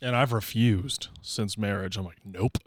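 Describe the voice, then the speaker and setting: A man's voice: fairly low pitch, measured pace, dry recording, studio quality. A man guesting on a podcast, playful and joking as he banters with the host. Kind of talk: casual chat.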